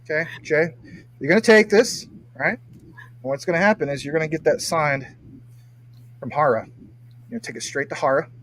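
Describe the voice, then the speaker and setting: Joking male livestream host, high voice. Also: normal speed, long pauses, fairly bright tone, rough recording. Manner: joking, teasing, playful. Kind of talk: casual livestream chat reading comments.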